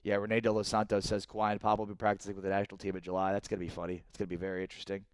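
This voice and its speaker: On a live-streamed sports talk show, a man in his thirties reads viewer comments and grows worked up over trades, his pitch rising sharply when indignant. His smooth voice runs on the low side and very fast, recorded dry.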